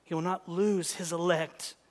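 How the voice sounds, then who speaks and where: A male preacher delivering an impassioned sermon, swinging from loud urgency to hushed intensity. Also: high voice, level tone, unhurried, in a large hall.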